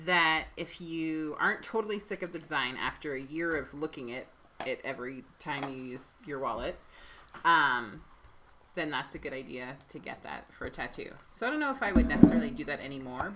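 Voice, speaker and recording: A woman's voice: low-pitched, lively intonation, moderate pace, pushed and bright, slight background noise. A woman co-hosting a live tool stream with her husband, chatting casually and tossing in short agreeing replies. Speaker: co-host, host's wife.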